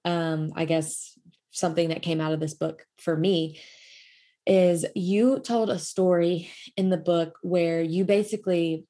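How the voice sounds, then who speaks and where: Young woman host, lower voice, chatty storyteller, laughs a lot, filler-heavy. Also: fairly even intonation, a little slow, mellow. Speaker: podcast host. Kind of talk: casual storytelling chat.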